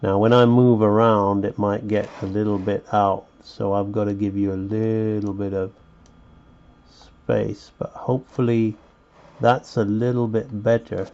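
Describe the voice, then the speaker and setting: A man with a gravelly, mellow voice teaches a drawing lesson at an unhurried pace. He rambles in a chatty way, talking himself through each sketch. The sound is dull and lo-fi, picked up by a webcam. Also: lowish voice, little pitch movement. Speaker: animation teacher. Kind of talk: live drawing lesson, thinking aloud.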